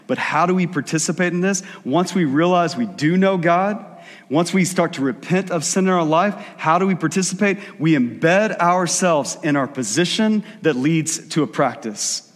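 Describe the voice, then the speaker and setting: With a slightly high, expressive voice and a big-room sound, a male preacher delivers his sermon in a conversational way. He acts out brief asides in the voices of the characters he's describing.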